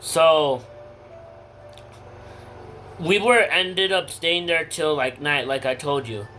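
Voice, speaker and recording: A man's voice: on the high side, takes it slowly, pushed and bright, faint music behind, low-quality recording. A teenage boy casually telling a personal story to his viewers, slangy, candid and emotional. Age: teens. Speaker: vlogger.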